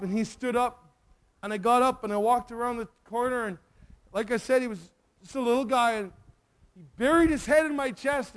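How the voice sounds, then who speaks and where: Male preacher, high voice, emotional storyteller in a sermon. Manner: emotional, animated storyteller who acts out the dialogue.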